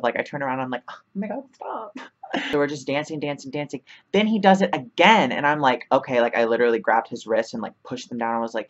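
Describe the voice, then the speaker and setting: A woman's voice: a bass voice, highs cut off. Chatty young woman telling a story. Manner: chatty, fills with 'like', laughs often. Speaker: vlogger. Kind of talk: casual storytime.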